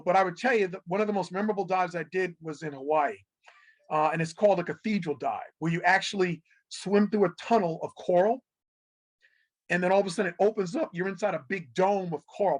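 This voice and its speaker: A middle-aged man, a guest on an interview show, telling animated stories and acting out what people said, laughing often. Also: sits high, fairly quick. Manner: animated storyteller who acts out quotes, laughs often. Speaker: guest, television executive. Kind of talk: casual interview storytelling.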